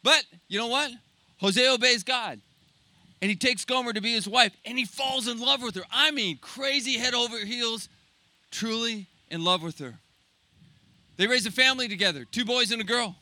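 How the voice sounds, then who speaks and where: A man preaching, retelling a scripture story dramatically, swinging between loud and hushed. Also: very high voice, moderate pace, dry recording. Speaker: pastor.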